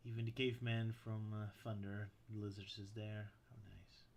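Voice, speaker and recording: A man's voice: fairly low pitch, level tone, normal speed. A man co-hosting a podcast in casual chat, making brief, dry remarks. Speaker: podcast co-host.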